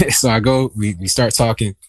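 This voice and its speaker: A man's voice: fairly low pitch, moderate pace, a bit bright, dry recording. A young man casually telling a personal story on a podcast, meandering and laid-back with many fillers. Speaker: guest telling his story.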